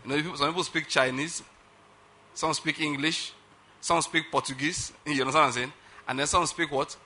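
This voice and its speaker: A man's voice: on the high side, fairly even intonation, brisk, pushed and bright, slight background noise. A middle-aged man preaching a sermon emphatically, often checking that listeners follow his point. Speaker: pastor.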